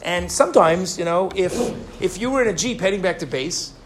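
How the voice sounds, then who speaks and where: High-voiced man giving an animated sermon. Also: fairly quick, slight background noise. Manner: animated, questions the audience, restarts often. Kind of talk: sermon with storytelling.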